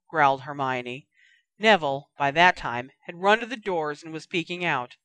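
A woman narrating a story in an even, measured reading. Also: deep voice, dry recording. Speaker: audiobook reader.

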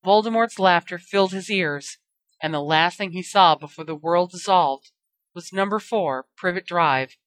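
A woman narrating a fan-fiction story in a steady storytelling voice. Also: lowish voice, normal speed, no room sound. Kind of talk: reading fan fiction aloud.

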